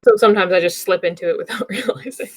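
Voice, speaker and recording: A woman's voice: mid-range voice, fast, slight background noise. A woman guest player chatting casually at a game break, self-deprecating and swearing freely.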